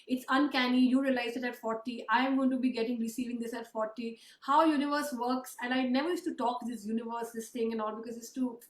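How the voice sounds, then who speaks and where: A woman in her thirties hosting a casual interview, talking expressively and emphatically, quick to agree and share her own stories. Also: a little high, steady tone, roomy sound, far from the mic, rough recording. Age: 30s. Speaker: host and book author.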